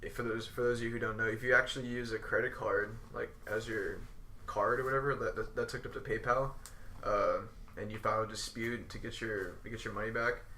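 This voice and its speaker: A man's voice: lowish voice, fairly even intonation, a little fast, pushed and bright, a little hiss or hum. A young man co-hosting a casual podcast, laid back, adding short remarks and tips. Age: young adult. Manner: laid-back, chimes in and laughs along. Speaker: podcast co-host. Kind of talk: casual chat.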